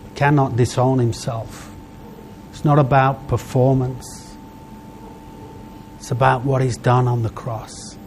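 A man preaching a sermon, heartfelt, in short phrases broken by pauses. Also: mid-range voice, level tone, a little mellow, slight background noise.

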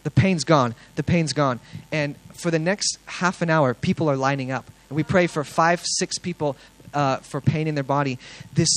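A young man with a fairly high-pitched voice gives his testimony before a congregation, earnest and excited, often restarting and using fillers. The audio is poor.

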